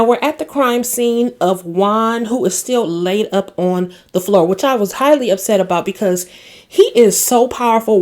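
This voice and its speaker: A woman's voice: medium pitch, darkish tone. A woman recapping a TV episode in a casual, chatty way, opinionated and exclaiming as she retells the scenes. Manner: voices quoted characters while retelling scenes. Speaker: recap vlogger.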